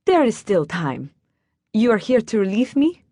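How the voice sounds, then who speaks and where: A woman voicing an elderly German grandmother who runs an inn, with a German accent and a brisk, practical manner of giving instructions. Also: medium pitch, very animated, warm tone, dry recording, clean studio sound. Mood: instructing. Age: older. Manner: matter-of-fact, giving orders.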